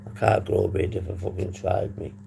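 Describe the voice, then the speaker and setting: A man from the UK hosting a casual recovery livestream, husky from a long phone call, rambling and swearing casually to his chat. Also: sits low, monotone, fairly quick, heavy background noise. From United Kingdom. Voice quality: gravelly, dark voice. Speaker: livestream host on addiction recovery. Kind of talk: casual live-stream chat to viewers.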